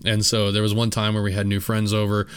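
A man's voice: lowish voice, monotone, fast, clean tone, dry recording. A young man talking casually on his solo podcast, rambling with many fillers and restarts, and poking fun at himself. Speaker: podcast host.

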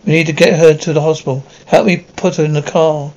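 Man reading a script, somewhat high voice. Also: steady tone, brisk, hardly any pauses, a little mellow, rough recording. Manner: reads the stage directions and every part in one plain voice, stumbling over words. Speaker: script reader. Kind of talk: reading an anime episode script aloud.

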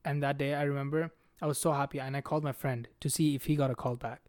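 A man's voice: mid-range voice, fast talker, dry recording, clean studio sound. A young man hosting a podcast, telling a story in casual, profane slang and calling his friend "bro". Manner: profane, animated, says "bro" a lot. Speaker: podcast host.

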